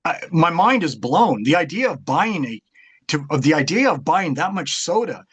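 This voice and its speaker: A man's voice: fairly high pitch, very animated, moderate pace, a bit bright, husky. A man, a guest martial arts author, chatting casually in an interview and rambling through stories with many fillers and restarts.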